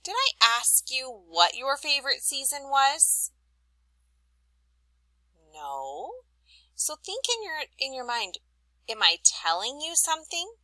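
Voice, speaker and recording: Woman, teacher, recorded lesson for kids, expressive read-aloud, dry close sound. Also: high-pitched, slow pace, long pauses, no echo, rough recording. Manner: clear, expressive reading aloud to young learners.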